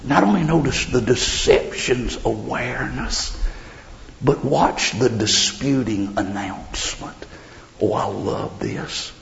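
A man preaching a sermon, swinging between loud declarations and hushed whispers. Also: medium pitch, expressive, slow pace, vocal fry. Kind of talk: revival sermon. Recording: dull lo-fi recording.

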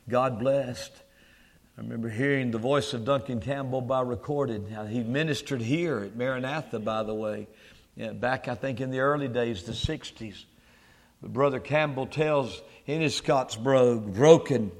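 A male preacher delivering a sermon, swelling into loud emphatic peaks and dropping to a low, quiet tone. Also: measured pace, long reverb tail.

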